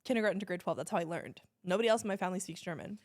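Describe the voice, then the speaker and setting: A woman's voice: on the low side, racing. A woman influencer from Canada, a podcast guest chatting casually, bubbly and laughing often as she tells stories. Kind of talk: casual chat.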